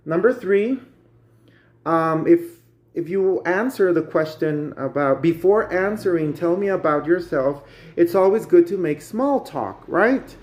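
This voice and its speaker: A man with a Guatemalan Spanish accent, a native Spanish speaker, gives a casual spoken English lesson. He talks in a chatty, friendly teacher's way and keeps turning to his viewers. His voice sits a little high for a man. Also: animated, a little slow, a little mellow. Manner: chatty, calls viewers guys.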